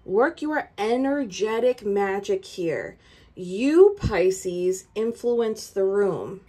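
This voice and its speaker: A woman's voice: mid-range voice, expressive, drawn-out words, dark tone. A woman giving a tarot reading straight to the viewer, urgent and emphatic, repeating her points. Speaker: tarot reader.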